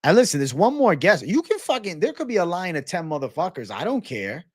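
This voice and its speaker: A man hosting a live stream in casual chat, animated, swearing and calling everyone 'bro'. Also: sits high, a little fast, slightly rough, dry recording, studio quality. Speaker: stream host.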